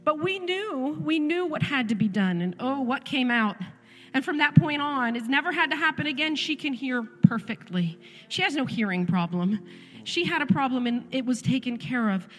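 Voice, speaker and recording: A woman's voice: high voice, expressive, normal speed, a bit bright. Earnest woman leading church worship. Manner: earnest storytelling, emphatic repetition. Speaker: worship leader. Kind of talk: church devotional talk. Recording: reverberant church hall with music.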